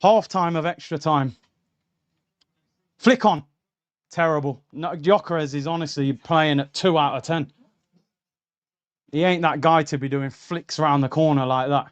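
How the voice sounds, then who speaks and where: A young man, voice sitting a bit high, streaming a live football watchalong. He reacts indignantly and talks straight to his viewers, calling them lads and bro. The voice is close and clear on a streaming mic. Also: unhurried, long pauses, muffled recording. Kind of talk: live match watchalong commentary.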